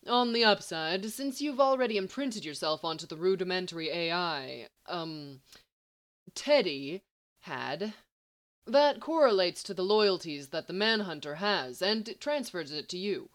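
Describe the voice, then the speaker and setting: A woman's voice: lowish voice, animated, unhurried. A woman voicing a brilliant young man who talks sheepishly and evasively.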